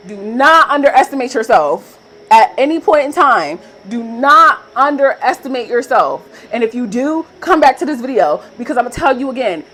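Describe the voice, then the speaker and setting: A woman's voice: fairly high pitch, fairly bright tone, rough recording. A young woman talking straight to her viewers in a motivational vlog, repeating emphatic affirmations, casual and profane. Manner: casual, direct address to viewers. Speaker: manifestation coach.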